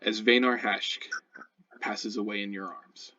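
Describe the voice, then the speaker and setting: A man narrating a tabletop game as game master, in a soft, slow way. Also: fairly low pitch, steady tone, dull audio, a little hiss or hum.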